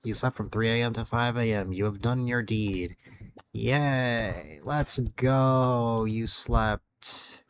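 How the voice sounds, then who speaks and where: Male streamer, sleepy late-night chat, slow rambling delivery, faint background hiss. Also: lowish voice, steady tone. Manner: rambling, loses his words. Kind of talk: casual chat with viewers.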